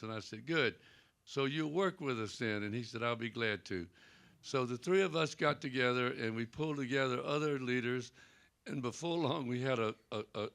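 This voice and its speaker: In a library event room, an older Southern man, a Presbyterian pastor, tells stories on a panel in a folksy way, voicing the dialogue himself. His voice is mid-range and gravelly with a fairly bright tone, at a normal speed.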